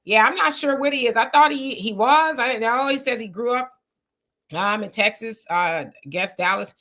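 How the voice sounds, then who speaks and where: A woman hosting a casual livestream, greeting viewers by name and reading their comments aloud with quick agreement. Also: on the high side, bright, forceful tone.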